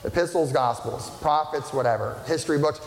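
A pastor giving a conversational sermon, often asking the congregation questions. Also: male voice, on the high side, fairly quick. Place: church sanctuary. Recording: echoey church sanctuary, long reverb, faint hiss.

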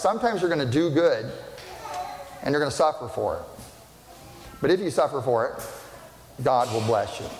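A pastor giving a conversational sermon, often asking the congregation questions. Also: male voice, medium pitch. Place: church sanctuary. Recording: echoey church sanctuary, long reverb, faint hiss.

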